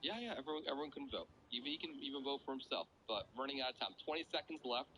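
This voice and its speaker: A man's voice: medium pitch, lively intonation, racing, sharp tone, slight background noise, poor audio. A man hosting a joke contest in game voice chat, upbeat and chatty like an announcer. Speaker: game stream host running a joke contest.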